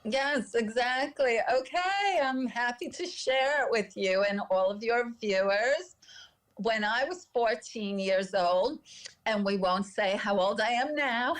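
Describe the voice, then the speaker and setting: Earnest woman telling her story. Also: medium pitch. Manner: earnest and emotional, acts out the voices she quotes. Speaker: podcast guest. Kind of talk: personal storytelling in an interview.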